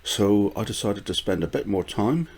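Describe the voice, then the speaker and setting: A man's voice: fairly low pitch, animated, normal speed, a little mellow, breathy edge. An older man from the UK rambling casually through a gardening vlog, with frequent fillers, restarts and small chuckles. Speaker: gardening vlogger.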